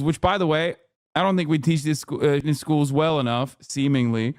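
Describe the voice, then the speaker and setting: A man's voice: on the high side, steady tone, moderate pace, dry recording, clean studio sound. A man streaming casual reaction commentary in a sarcastic, rambling way. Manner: sarcastic, rambling, riffing on chat.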